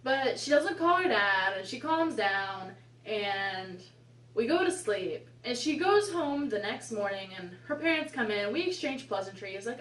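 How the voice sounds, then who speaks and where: A woman's voice: on the high side, lively intonation, unhurried, a bit bright, a little hiss or hum. Twenties woman, casual storyteller with exasperated asides, recorded at a distance in a roomy space. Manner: chatty, rambling, exasperated asides. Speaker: vlogger. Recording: echoey room, mic at a distance.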